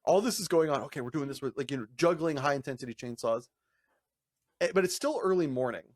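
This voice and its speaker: This fast-talking man, a podcast co-host, spins a lengthy casual story full of profanity and laughter, mimicking others in high voices. His delivery is animated throughout. The studio-quality audio has no echo.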